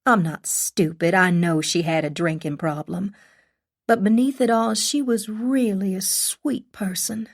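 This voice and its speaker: A woman reading an audiobook and voicing a friendly young mother with a Southern accent who talks slowly and gently. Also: lowish voice. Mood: confiding. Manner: slow, gentle, confiding.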